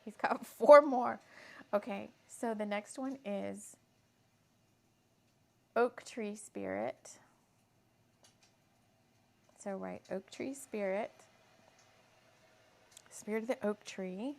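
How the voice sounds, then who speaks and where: Woman host, giggly, chatty, vocal fry, mid-range voice. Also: medium pitch, takes it slowly, pauses often, dark tone. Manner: giggly, laughs often mid-sentence; chatty, spells and repeats lists aloud. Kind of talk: casual spiritual craft talk.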